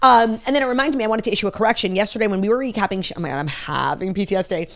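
A young woman co-hosting a casual pop-culture chat, talking fast and animated, with lots of fillers and sarcasm. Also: mid-range voice. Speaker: podcast co-host.

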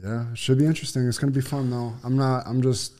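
A young man co-hosting a relaxed podcast at an average pitch. He speaks in a laid-back, easy way. He mostly adds short agreements and brief comments. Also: fast. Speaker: podcast co-host. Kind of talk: casual podcast chat.

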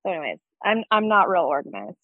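A woman's voice: on the low side, big pitch swings, fast talker, dry recording, phone-quality sound. A woman chatting as a podcast guest, telling stories and quoting her kids. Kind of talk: casual chat.

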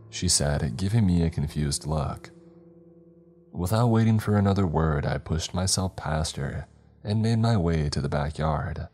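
A man narrating a scripted horror story in a steady, measured way. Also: extremely low pitch.

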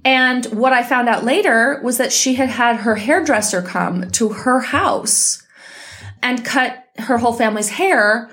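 A woman's voice: fairly high pitch, measured pace, a bit bright. A woman hosting her own podcast from home, talking in a blunt, heated and profane way, still recovering from an illness. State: recovering from illness, may cough. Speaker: podcast host. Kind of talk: casual solo podcast monologue.

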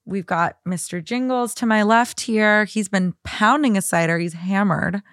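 Brief: young woman guest co-host, giggly teasing banter, mid pitch, dry sound. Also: normal speed, fairly bright tone, dry recording. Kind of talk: casual chat.

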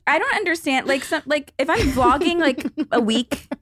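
A woman host with a high voice that swings widely up and down as she chats. She laughs easily, and the close mic sounds dry. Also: expressive, moderate pace, fairly bright tone, no room sound. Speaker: podcast host and vlogger. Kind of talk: casual podcast chat.

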